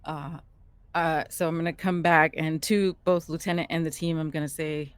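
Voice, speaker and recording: Female player, low voice, hesitant and thinking aloud, dry mic. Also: steady tone, moderate pace, smooth, dry recording. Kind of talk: casual tabletop play.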